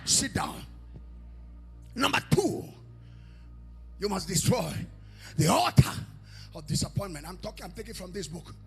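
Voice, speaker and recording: Gravelly high-voiced man preaching fiercely. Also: sing-song, measured pace, long pauses, faint music behind. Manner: shouted repeated commands, call-and-response. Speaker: guest preacher. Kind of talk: fiery prophetic sermon. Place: church.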